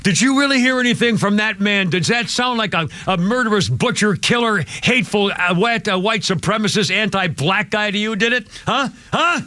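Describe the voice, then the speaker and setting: A man's voice: high-pitched, normal speed, hardly any pauses. A man hosting live talk radio, ranting in a heated, indignant way and repeating himself as he gets angry. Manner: apologizes for yelling. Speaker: radio talk show host.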